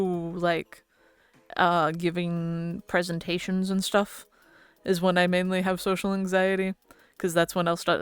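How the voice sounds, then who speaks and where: A woman's voice: on the low side, clean tone, dry recording. A woman streamer chatting casually with her viewers, rambling and laughing often into a close mic.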